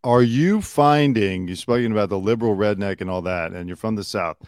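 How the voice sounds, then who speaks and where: Male podcast host, lowish voice, relaxed and curious, dry close sound. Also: a little fast, dry recording. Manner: curious, easygoing questioner. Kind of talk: casual podcast interview.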